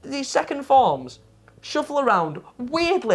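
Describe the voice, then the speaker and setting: A woman's voice: medium pitch, expressive, fairly quick. A woman co-hosting a game review show, ranting about a game in casual, profane, exasperated chat.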